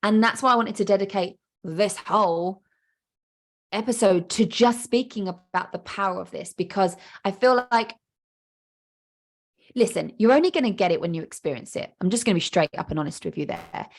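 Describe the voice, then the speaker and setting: Animated woman coaching on a podcast. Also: mid-range voice. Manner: animated, acts out inner voices, emphatic repetition. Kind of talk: podcast monologue.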